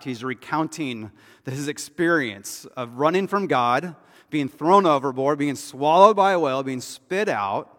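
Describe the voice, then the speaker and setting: A man preaching a sermon as pastor, talking in a conversational way and often dropping to a hushed, intense tone. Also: medium pitch. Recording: church hall reverb.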